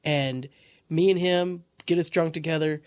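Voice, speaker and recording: A young man co-hosting a podcast as a guest comedian, chatting in a crude, playful and excitable way. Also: on the high side, measured pace, clear, resonant tone. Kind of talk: casual chat. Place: podcast studio.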